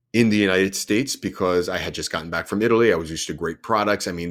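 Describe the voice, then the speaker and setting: A young adult man hosting a solo podcast, talking earnestly and explaining things step by step, often restarting his sentences. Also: low voice. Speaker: podcast host.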